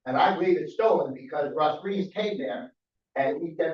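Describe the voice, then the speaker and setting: A man's voice: fairly high pitch, normal speed. A middle-aged man giving public comment at a council meeting, aggrieved and pleading, repeating himself as he makes his complaint. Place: council chamber. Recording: roomy, distant, dull chamber audio.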